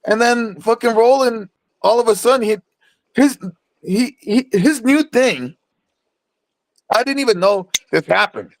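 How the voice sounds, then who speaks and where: Tipsy, boastful man with a gravelly high voice. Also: measured pace, long pauses, dry recording. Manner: boastful, rambling, stammers and repeats himself. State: tipsy from drinking. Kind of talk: casual rowdy chat.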